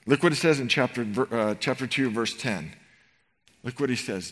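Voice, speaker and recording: A middle-aged man preaching a sermon in a church, animated and rhetorical, swinging between loud emphasis and quiet tenderness. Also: fairly low pitch, a little fast. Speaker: pastor. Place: church sanctuary.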